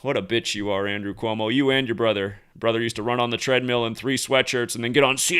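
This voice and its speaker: A man's voice: medium pitch, steady tone, fast, hardly any pauses, fairly bright tone, clean tone. A man hosting a commentary monologue, talking heatedly with profanity and frequent restarts. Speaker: host.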